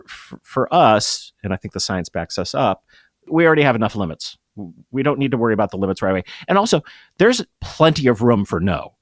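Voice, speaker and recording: Energetic middle-aged man, low voice. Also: no echo, studio quality. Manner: emphatic, lively explaining with quick restarts. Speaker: guest, improv comedy producer. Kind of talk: conversational interview.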